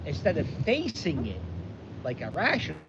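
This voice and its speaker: A man tells a rambling, self-interrupting story, fairly high-pitched and very animated. He is recorded outdoors on a lo-fi mic that sounds dull. Clear wind and boat noise sits behind him. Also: moderate pace. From Philadelphia. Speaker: vlogger. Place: outdoors by the water, windy.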